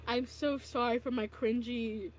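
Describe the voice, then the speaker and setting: High-voiced young woman cringing at herself. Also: steady tone, a little slow, darkish tone, slight background noise. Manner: self-mocking, dramatic groans and giggles. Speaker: video creator. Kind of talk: casual vlog reacting to own old art.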